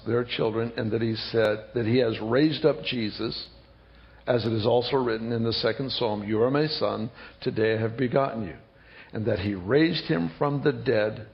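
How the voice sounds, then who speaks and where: A man preaching, quoting scripture rapidly and emphatically. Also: mid-range voice, vocal fry, dull audio. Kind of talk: sermon.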